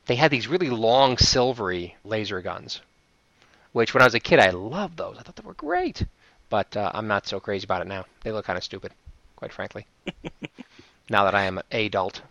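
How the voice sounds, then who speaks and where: A man talks loosely, chasing one thought into the next and breaking off into easy laughter. His voice is bright and forceful. The sound is dry and close, with no room in it. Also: on the low side, moderate pace, dry recording, muffled recording. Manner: rambling, laughs often, trails off. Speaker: podcast co-host. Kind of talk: casual chat.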